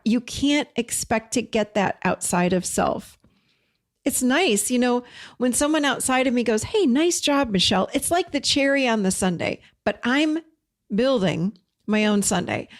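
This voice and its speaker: Encouraging middle-aged woman giving motivational talk. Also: on the high side. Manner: warm encouraging, conversational, addresses viewers as you guys. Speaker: therapist and life coach.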